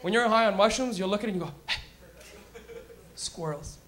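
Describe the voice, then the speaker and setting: A young Canadian man hosting a comedy show, doing a loud, profane stand-up set and laughing at his own jokes on stage. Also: sits high, rapid-fire. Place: comedy club stage, audience.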